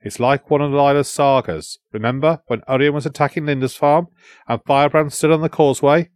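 A man voicing a young scout who declaims a heroic speech in a steady, noble voice. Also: mid-range voice, brisk, dry recording, clean studio sound, voice pushed up, natural voice. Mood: defiant.

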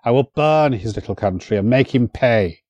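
A man's voice: mid-range voice, animated, normal speed, darkish tone, no echo, highs cut off, close to an everyday voice. A man voicing a one-eyed, commanding warlord chieftain in a storybook reading, his voice raised and angry. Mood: threatening. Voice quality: furious, commanding.

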